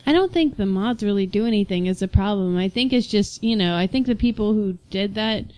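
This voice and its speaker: A young woman co-hosting a podcast, chatting casually and telling stories with easy laughs. Her voice is mellow and smooth, and the recording sounds close and dry. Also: mid-range voice, animated, a little fast, no echo. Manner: chatty, laughs often, storytelling. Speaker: podcast co-host. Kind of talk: casual chat.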